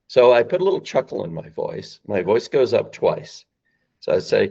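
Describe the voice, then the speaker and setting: A man's voice: mid-range voice, sing-song, normal speed, vocal fry, a little mellow, slightly rough, dull audio. A man explaining sales calls on a podcast, emphatic and acting out phone lines. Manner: emphatic, acts out phone lines, rising and falling voice. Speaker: guest, sales company founder.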